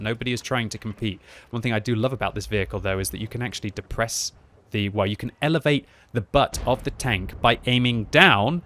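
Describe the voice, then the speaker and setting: Excitable man narrating gameplay. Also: medium pitch. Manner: chatty, excitable, self-mocking. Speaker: gaming commentator. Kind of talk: live gameplay commentary.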